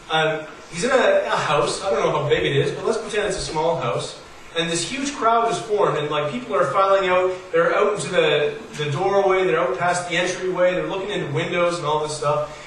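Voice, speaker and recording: A pastor preaching a sermon. He tells stories in a casual, conversational way and pushes his emphasis higher as he builds each point. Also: brisk, a bit bright. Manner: storytelling, conversational with rising emphasis. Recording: very echoey hall, voice from far off, faint noise.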